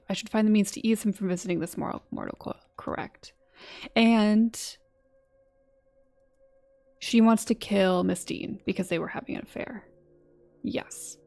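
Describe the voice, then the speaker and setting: A woman's voice: mid-range voice, gravelly, a little mellow. A woman streaming a game, reading its dialogue aloud between chatty asides. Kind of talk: live-streamed gameplay commentary.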